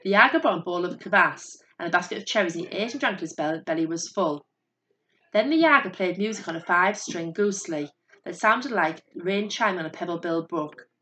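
A woman with a lowish voice narrates a fairy tale. Her delivery is steady and measured, like a storyteller reading aloud. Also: a little hiss or hum.

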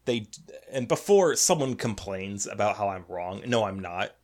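Sarcastic low-voiced podcast man. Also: animated, normal speed, darkish tone. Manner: sarcastic, laughs often. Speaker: podcast co-host. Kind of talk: casual chat.

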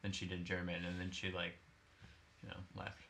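A man's voice: deep voice, level tone, normal speed, creaky, bright, forceful tone, a little hiss or hum. A young man co-hosting a podcast, talking casually with a lot of "like" fillers. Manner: filler-heavy talk, lots of "like". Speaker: podcast co-host. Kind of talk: casual chat.

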